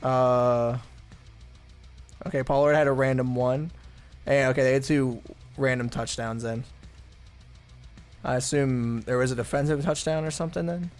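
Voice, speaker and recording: A man's voice: medium pitch, fairly even intonation, normal speed, pauses often, soft background music. A man commentating his own football video game play in a casual, chatty way, thinking aloud with blunt asides. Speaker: gaming channel host.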